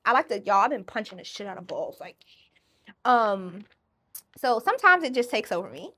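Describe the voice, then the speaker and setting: A woman hosting her own podcast in a casual solo monologue, animated and profane, often acting out other voices. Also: medium pitch, moderate pace. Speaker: podcast host.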